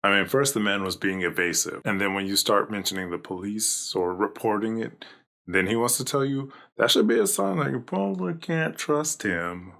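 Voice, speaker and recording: A man's voice: lowish voice, lively intonation, moderate pace, vocal fry, fairly bright tone. A man hosting a reaction video, chatting casually and jokingly as he comments. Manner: chatty, jokey, laughs often.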